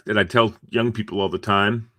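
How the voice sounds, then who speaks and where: The speaker is a middle-aged man with a lowish, steady, slightly bright voice at normal speed, recorded dry in clean studio sound. Sleepy and just up, he rambles casually as host of a home morning encouragement stream, yawning and chuckling as he goes.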